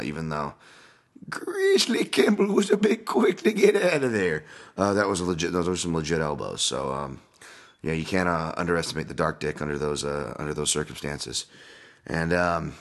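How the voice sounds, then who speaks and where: Low-voiced guy casually rambling fight picks at home, lots of ums and restarts. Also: fairly bright tone. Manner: rambling, loose, frequent fillers and restarts. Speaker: podcast host, fight analyst. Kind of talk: casual solo podcast breakdown. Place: at home, dog nearby.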